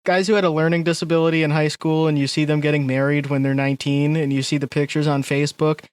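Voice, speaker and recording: A man's voice: on the high side, little pitch movement, fast talker, darkish tone, clean tone, no room sound. A man co-hosting a podcast, tossing dry one-liners in crude casual banter. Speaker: podcast co-host.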